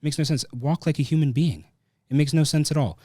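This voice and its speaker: A man's voice: on the high side, quick pace, mellow, dry recording, studio quality, voice pushed up, lightly acted. A man doing an exasperated perfectionist director. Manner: incredulous, ranting.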